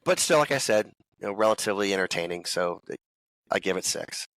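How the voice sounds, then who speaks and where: Candid low-voiced male guest, dry sound. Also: expressive, brisk, a bit bright, no room sound, low-quality recording. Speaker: podcast guest. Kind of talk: casual chat.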